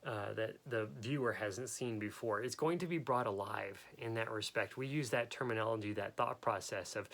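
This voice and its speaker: A man's voice: on the low side, moderate pace, gravelly, hardly any pauses, a bit bright. A man with the hiccups hosting a photography talk, rambling with frequent restarts and self-corrections. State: has the hiccups. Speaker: photography podcast host. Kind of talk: casual unscripted talk.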